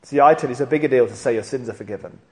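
Racing along very fast in a mid-range voice, a preacher animates his sermon's story by performing the characters' voices, all heard through long hall reverb.

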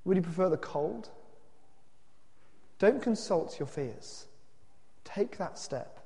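A preacher putting on a gentle male stranger in a storybook tale, quiet, slow and reassuring, low and soft-spoken. The voice rings with a long reverb from a large hall. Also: expressive, gravelly, exaggerated voice. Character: calm gentle male stranger bringing light.

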